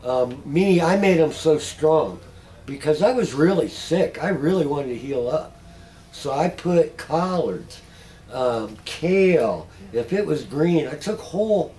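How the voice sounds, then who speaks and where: A middle-aged man with a fairly high voice tells stories in a loose, folksy way. He chuckles often as he talks to a small group. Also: darkish tone, rough recording. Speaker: patient speaker. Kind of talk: casual storytelling talk.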